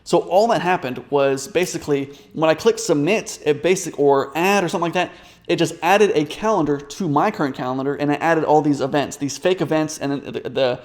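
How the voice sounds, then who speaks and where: Fast-talking, rambling man. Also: fairly high pitch. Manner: rambling, fast, many fillers and restarts. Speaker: business coach. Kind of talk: casual storytelling to camera.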